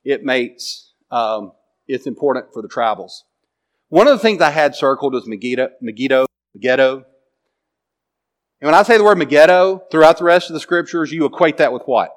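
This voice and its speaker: A man's voice: medium pitch, animated, normal speed. A man teaching a Bible class from slides in a classroom, talking casually and quizzing his students with questions. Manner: conversational, asks the class questions.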